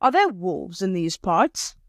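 A woman's voice: fairly low pitch, sing-song, takes it slowly, no room sound, clean studio sound, full character voice. A woman voicing a timid male traveler who talks anxiously and exclaims often.

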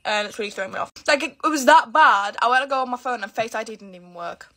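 Bright-voiced young British woman vlogging. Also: a little high, animated, fast. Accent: British English.

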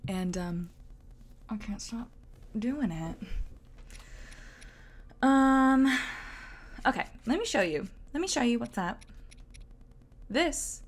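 A woman's voice: fairly high pitch, slight background noise. A young woman with a Southern US accent, chatting and giggling casually while streaming a game. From Southern United States. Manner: chatty and giggly, lots of "like" fillers. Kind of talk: casual gameplay commentary.

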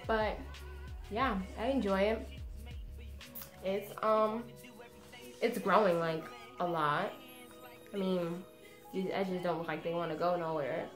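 A woman's voice: on the low side, takes it slowly, long pauses, echoey room, faint music behind. A woman in her twenties chatting casually to camera from her bedroom, laughing often and saying "like" a lot, a little tired after a long day. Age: 20s. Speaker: beauty vlogger.

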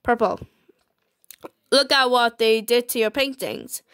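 A woman voicing a calm, gentle young male painter from a visual novel, speaking quietly and reassuringly, in her own voice. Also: a little high, slow, smooth.

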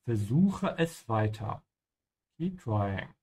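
A man hosting a live-streamed lesson, explaining German pronunciation slowly and switching between English and German. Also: medium pitch, big pitch swings, a little mellow, breathy edge. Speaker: language teacher and stream host.

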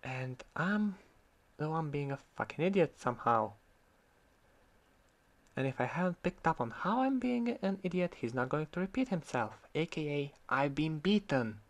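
A man's voice: on the high side, sing-song, normal speed. A man from Croatia, ranting in sarcastic, heated commentary about an online argument and swearing freely. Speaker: vlogger.

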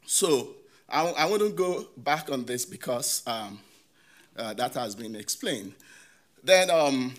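A man with a mid-range voice and lively intonation presents academic research at a conference. His delivery is halting, full of "you know" fillers and restarts, and he puts questions to the audience.

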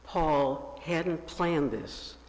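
Male pastor, slightly higher-pitched, unhurried sermon storytelling, reverberant sanctuary. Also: lively intonation, a little mellow. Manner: slow, lifts his pitch for quoted voices. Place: church sanctuary.

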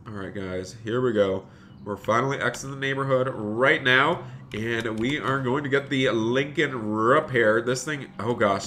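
A man's voice: mid-range voice, a little hiss or hum. A young man streaming a driving game live, chatting to viewers and gushing with thanks for donations. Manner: excitable, gushing thanks to donors.

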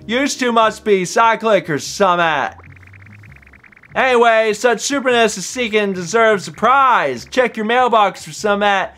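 A man reading as a cheery little hider in a video game, his voice pitched up a bit from his usual and full of lively swoops. Bright, forceful tone, the lines read straight from the screen with a grin. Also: unhurried, faint music behind, exaggerated voice. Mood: playful. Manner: reading game dialogue aloud, lifted and bouncy. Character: cheery male hider who stayed hidden too long.

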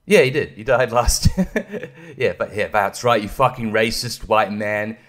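A man's voice: on the low side, unhurried, a bit bright. Man, young, solo podcast host: loose, profane rambler who laughs a lot. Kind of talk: casual chat.

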